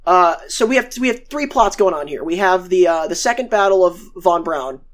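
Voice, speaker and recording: A woman's voice: fairly low pitch, animated, moderate pace. A woman co-hosting a podcast and recapping episodes in a rambling, profane, casual way. She acts out the characters she quotes. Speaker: podcast co-host.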